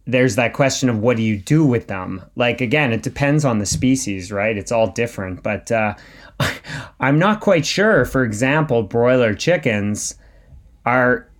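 A man co-hosts a podcast in relaxed conversation. He talks at an ordinary middle pitch, rambling through fillers and restarts, and teases with playful sarcasm. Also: a little slow. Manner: joking, sarcastic asides, chatty with fillers. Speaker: podcast co-host. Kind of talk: casual podcast chat.

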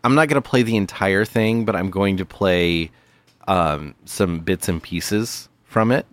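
A man's voice: deep voice, measured pace. A man co-hosting a podcast, chatting casually and joking playfully. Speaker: podcast co-host. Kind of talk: casual comedic chat.

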